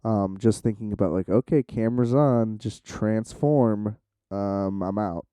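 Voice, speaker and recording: A man's voice: lowish voice, measured pace, warm tone, smooth, no room sound. A man hosting his own podcast, rambling casually with plenty of fillers and swearing. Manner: rambling, profane, lots of fillers; self-described shy. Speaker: podcast host. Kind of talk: casual solo podcast monologue.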